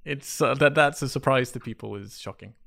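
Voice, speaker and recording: A man's voice: medium pitch, fairly quick, gravelly, fairly bright tone. A man in a casual chat, sardonic and exasperated, swearing for emphasis. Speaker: podcast co-host.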